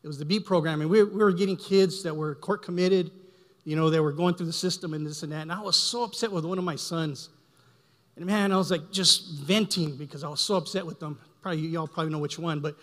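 A man's voice: fairly high pitch, fairly bright tone. Emotional man testifying in a reverberant church. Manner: halting, repeats words, emotional. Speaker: church minister giving a testimony. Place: church sanctuary. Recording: long hall reverb.

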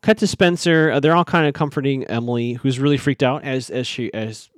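A man's voice: mid-range voice, fairly quick, no room sound, clean studio sound. A man hosting a podcast, casually recapping a TV episode, thinking aloud with plenty of fillers and restarts.

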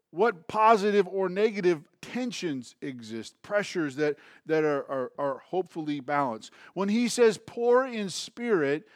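Male preacher, a touch high, dry close sound, talks to the room and checks in often. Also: no room sound. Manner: conversational preaching with frequent restarts and check-ins like "right?". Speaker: pastor. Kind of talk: sermon.

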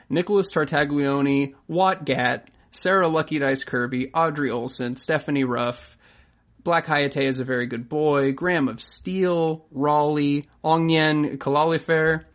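A podcast co-host chatting casually, joking dryly and quickly reading out a long list of supporters' names. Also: mid-range voice.

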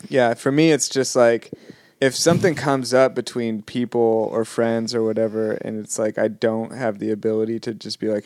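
A man's voice: fairly low pitch, little pitch movement, moderate pace, a little mellow, no echo, clean studio sound. A man in casual chat, swearing freely and acting out what people said. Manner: swears a lot, acts out quotes.

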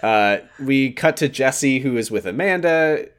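A man co-hosting a casual podcast, recapping a movie in a laid-back, swearing way and reading its lines in flat mocking voices. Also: medium pitch, measured pace. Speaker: podcast co-host. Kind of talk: casual chat recapping a film.

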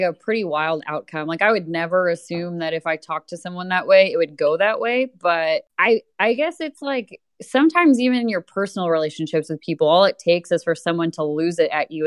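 Relaxed woman musing in casual chat. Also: fairly low pitch, normal speed, dry recording, studio quality. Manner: relaxed, reflective, uses filler "like" a lot.

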